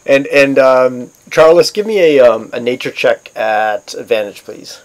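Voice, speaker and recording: A man running a tabletop game as game master, halting and stammering with many fillers. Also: mid-range voice, expressive, rough recording. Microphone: voice call.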